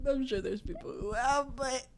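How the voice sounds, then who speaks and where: A woman's voice: sits high, normal speed, gravelly. A woman co-hosting a casual book-club podcast, reading passages aloud with relish and laughing often. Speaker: podcast co-host.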